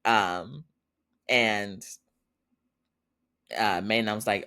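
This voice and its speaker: A man's voice: fairly low pitch, fairly even intonation, drawn-out words, pauses often, pushed and bright, smooth. A man hosting a podcast, casually recapping a TV episode in a chatty way and laughing often as he retells it. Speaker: podcast host.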